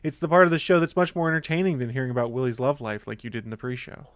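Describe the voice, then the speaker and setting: A man's voice: mid-range voice, steady tone, racing, dry recording. Dry-witted male podcast host. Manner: dry, teasing, leads segments. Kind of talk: casual chat.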